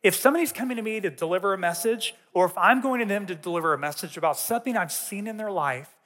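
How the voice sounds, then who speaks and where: A man with a fairly high voice gives a sermon in a conversational, storytelling manner. His voice carries a long reverb from a large church auditorium. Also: quick pace, fairly bright tone. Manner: conversational, tells personal stories. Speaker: teacher.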